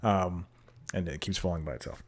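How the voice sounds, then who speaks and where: A man with a lowish voice rambles through a casual solo podcast intro, cracking self-deprecating jokes and laughing at himself. He talks into a desk microphone at home. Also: fairly even intonation, brisk. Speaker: podcast host. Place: home room with TV playing.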